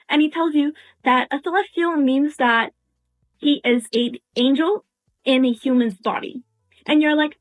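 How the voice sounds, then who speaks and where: A woman's voice: high voice, measured pace. A young woman casually telling a story in the second person, acting out bits of dialogue. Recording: tinny phone-like sound.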